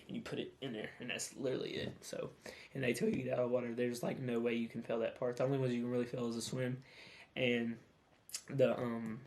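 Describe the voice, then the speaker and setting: A man's voice: medium pitch, a little mellow. Rambling young man with a drawl. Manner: rambling, candid, full of fillers and self-corrections. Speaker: vlogger. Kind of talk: casual talk to camera.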